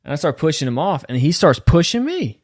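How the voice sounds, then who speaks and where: A man's voice: fairly high pitch, big pitch swings, brisk, no room sound, studio quality. A man in his thirties hosting a podcast, chatting casually, laid-back, often saying "man" and "dude" and laughing. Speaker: podcast host. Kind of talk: casual chat.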